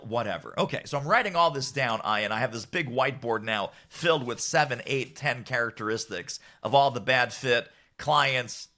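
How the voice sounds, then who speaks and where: A middle-aged man, an author and business strategist, telling stories in a podcast conversation, acting out quotes and laughing often. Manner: lively, acts out quotes with big pitch jumps, laughs often. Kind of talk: animated storytelling in podcast chat.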